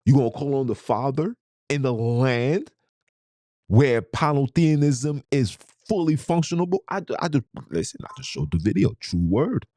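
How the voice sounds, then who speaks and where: A man's voice: medium pitch, expressive, normal speed, mellow, no room sound, studio quality. A man hosting a podcast, delivering a preachy, fired-up monologue full of rhetorical questions and streetwise slang. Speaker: podcast host. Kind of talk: impassioned monologue.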